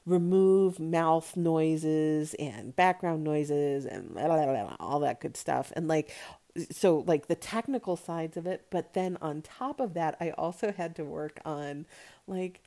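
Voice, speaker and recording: A woman's voice: low voice, slow pace, mellow. An American woman hosting a solo podcast, chatting casually and rambling with plenty of fillers. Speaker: podcast host.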